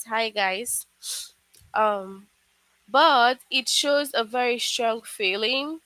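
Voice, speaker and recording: A woman's voice: on the high side, sharp tone, dry recording, low-quality recording. A woman teaching a live online English lesson to children, explaining patiently step by step with frequent "okay"s.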